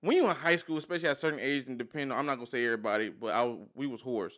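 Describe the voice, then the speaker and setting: A young man on a podcast, telling animated stories with laughter and lots of repetition. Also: medium pitch, very fast. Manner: animated storyteller, repeats himself, laughs mid-sentence. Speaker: podcast co-host. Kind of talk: casual chat.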